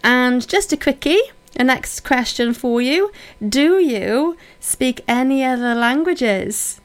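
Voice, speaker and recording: A woman's voice: high voice, expressive, slow pace. Hesitant woman radio co-host. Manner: hesitant, many ums, enthusiastic praise. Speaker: radio co-host reading listener messages. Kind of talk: casual chat.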